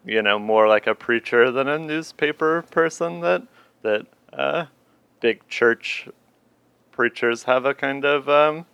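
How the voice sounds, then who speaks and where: Bright, smooth-voiced man in a dry room. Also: medium pitch, slow, dry recording. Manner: laid-back, rambling, with many fillers. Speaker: film discussion panelist. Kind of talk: casual film discussion.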